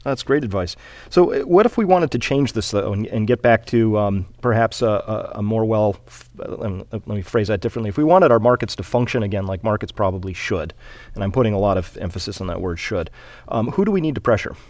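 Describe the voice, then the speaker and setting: A man hosting a radio interview, feeling his way through his questions with pauses and restarts. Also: lowish voice, animated, a little mellow, dry recording. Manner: hesitant, many fillers and restarts while framing questions. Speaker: interviewer host.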